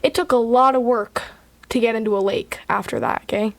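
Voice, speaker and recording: Playful young woman with a higher voice. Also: fairly even intonation. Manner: playful, laughing, quick comebacks. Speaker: podcast co-host, daughter. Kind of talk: casual family chat.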